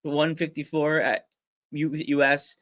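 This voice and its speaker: A man's voice: on the high side, little pitch movement, takes it slowly, a bit bright, no echo. Chatty American man, dry sound. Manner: chatty, rambling, laughs often. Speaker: podcast host. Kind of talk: casual chat. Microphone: remote call mic.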